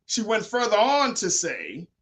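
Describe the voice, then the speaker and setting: Bright-voiced high male talk host. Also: measured pace. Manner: animated, reads quotes aloud with emphasis. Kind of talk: casual news commentary.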